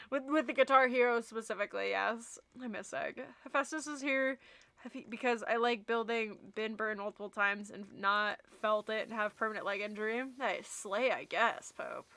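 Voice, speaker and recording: A young woman streaming live, chatting casually with her viewers and reading their messages aloud. Her voice is bright and fairly high. She laughs easily, and the sound is dry and close to the mic. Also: dry recording.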